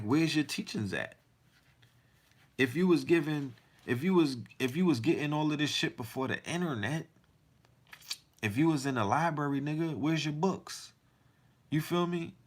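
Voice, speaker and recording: A man's voice: a little high, moderate pace, pauses often. A man hosting a podcast, delivering a heated, profane monologue full of rhetorical questions. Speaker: podcast host.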